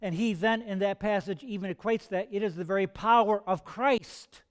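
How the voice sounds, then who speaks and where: A man's voice: high voice, normal speed. A man preaching a sermon in an earnest, conversational way, asking his listeners rhetorical questions. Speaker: pastor.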